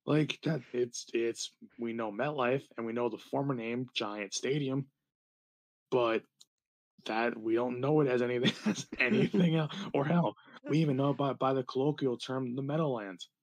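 A young man from New Jersey rambles through a casual podcast chat, full of fillers, restarts and laughter. He sits at an everyday middle pitch and jumps up high when he gets worked up. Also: normal speed. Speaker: podcast co-host.

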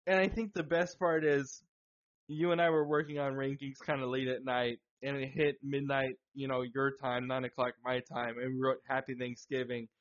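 A man co-hosting a podcast in casual chat, excitable, swearing and laughing a lot. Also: mid-range voice, normal speed. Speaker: podcast co-host. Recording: dull lo-fi sound.

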